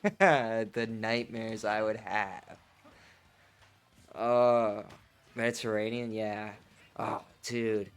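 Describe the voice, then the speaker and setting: A young man streaming, chatting casually and profanely over a game tournament, rambling in an animated way. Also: mid-range voice.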